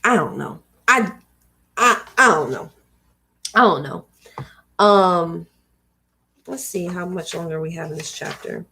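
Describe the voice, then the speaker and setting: A woman's voice: fairly low pitch, unhurried, vocal fry, long pauses, pushed and bright. A woman hosting a livestream where she reads a book aloud and breaks off for chatty personal asides. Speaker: host reading books aloud on a livestream. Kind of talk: reading aloud with casual commentary.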